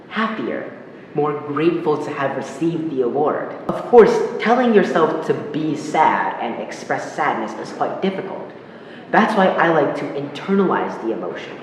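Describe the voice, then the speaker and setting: A man giving a public speaking lesson, explaining clearly and demonstrating intonation with spoken examples. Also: a little high. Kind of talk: instructional talk to camera. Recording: very echoey hall, faint noise.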